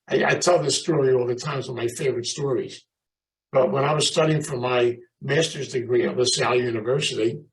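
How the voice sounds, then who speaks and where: A man giving an animated, storytelling talk at a recovery meeting, chatting with the audience. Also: mid-range voice, creaky, distant mic, low-quality recording. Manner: animated, emphatic, chatty, calls out audience members. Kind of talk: motivational storytelling talk to a live group.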